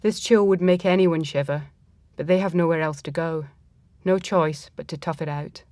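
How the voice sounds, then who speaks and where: Close and dry, with no room sound, this recording captures a woman reading a first-person narrative in a thoughtful, measured way. Her voice is fairly low and mellow, with fairly even intonation.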